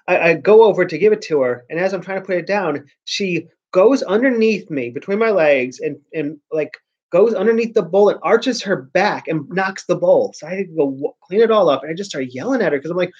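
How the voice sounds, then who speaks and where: A man's voice: high voice, lively intonation, fairly quick, a little mellow, breathy edge, dull audio. A man hosting his own vlog in casual chat, rambling along with frequent restarts and sentences that trail off. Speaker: vlogger host.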